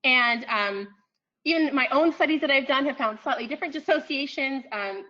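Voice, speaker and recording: A woman giving an academic lecture in a room, pausing often with ums and restarting her phrases. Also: a little high, pushed and bright, dull audio. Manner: frequent ums, thoughtful restarts.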